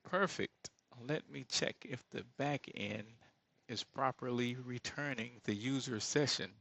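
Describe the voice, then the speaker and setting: Guy with talking thru his coding out loud, gravelly voice, kinda rambly, dry close sound. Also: medium pitch, unhurried, no echo. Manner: thinks aloud, rambling asides, searches for words. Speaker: solo creator building an app. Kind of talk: casual screen-share coding commentary.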